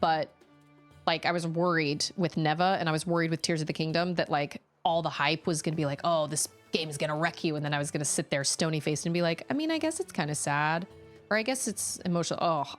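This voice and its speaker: Chatty woman streaming a game. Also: on the low side. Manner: chatty and animated, reacting to chat and gameplay. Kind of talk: casual live-stream chat while gaming. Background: faint game music.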